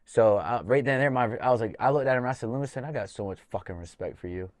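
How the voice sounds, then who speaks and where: A man's voice: mid-range voice, fast, no room sound, clean studio sound. A man hosting a podcast, telling a casual, profane story as a fight coach and acting out the dialogue as he goes. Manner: loose and profane, acts out quoted dialogue.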